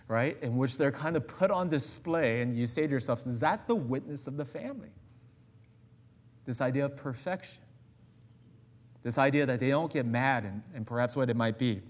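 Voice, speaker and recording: A man preaching a sermon as guest pastor in a church, conversational and full of personal asides. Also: medium pitch.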